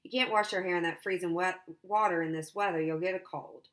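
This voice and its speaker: A woman's voice: fairly low pitch, steady tone, a little fast, natural voice. A woman voicing a moody fourteen-year-old boy who sounds sullen and upset. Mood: pleading.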